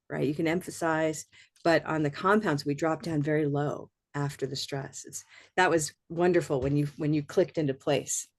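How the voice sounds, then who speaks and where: A woman on a video call explaining what she hears in the stress patterns, in a lively way. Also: sits low.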